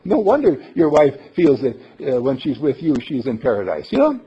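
A man with a very husky, breathy voice delivers a sermon, his pitch swinging widely as he jokes and laughs with his listeners. The recording is dull and lo-fi. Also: moderate pace. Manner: playful, animated, laughing often. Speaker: minister.

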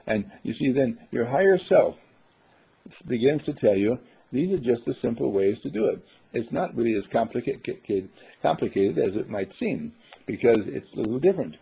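A man's voice: mid-range voice, very animated, normal speed, vocal fry, warm tone, slightly rough. A man giving a rambling, folksy spiritual talk, acting out the quotes he tells. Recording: dull lo-fi recording.

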